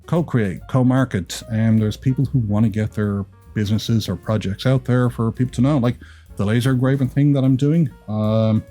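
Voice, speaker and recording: With a mid-range, mellow voice and fairly even intonation, this YouTube creator from Ireland speaks at normal speed in a partly Americanized Irish accent. His casual advice vlog rambles chattily through creator tips and self-deprecating jokes, over soft background music.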